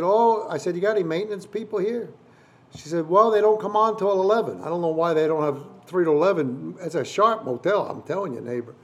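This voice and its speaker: Folksy joking preacher man, slightly high voice. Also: darkish tone. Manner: folksy and joking, calls for amens and addresses listeners as neighbor. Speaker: traveling preacher. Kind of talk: humorous sermon opening to a congregation. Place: church service in front of a live congregation.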